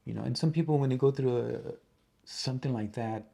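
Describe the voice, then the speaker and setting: Middle-aged guy in an interview, raspy gravelly voice, stops and restarts a lot. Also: medium pitch, warm tone. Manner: halting, often restarts and repeats words. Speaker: interview guest, tribute band musician. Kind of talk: casual interview conversation.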